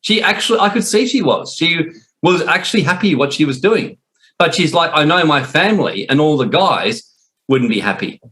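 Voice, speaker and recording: An animated Australian man in middle age, chatting casually as a host. His voice sits a little high for a man, and it leaps even higher whenever he slips into someone else's words mid-story. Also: normal speed. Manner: animated storyteller, voices swinging up when quoting others. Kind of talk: casual chat.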